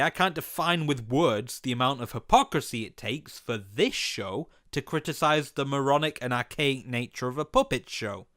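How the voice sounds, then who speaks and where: A man's voice: medium pitch, a bit bright. A man giving comedic cartoon-review commentary in an incredulous, sarcastic and profane manner.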